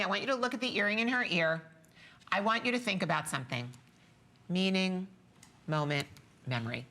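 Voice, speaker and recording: A woman on a shopping channel giving a sentimental, repetitive sales pitch for jewelry, tearing up as she talks. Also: a little fast, pauses often, sharp tone. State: teary. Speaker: jewelry designer and shopping show guest.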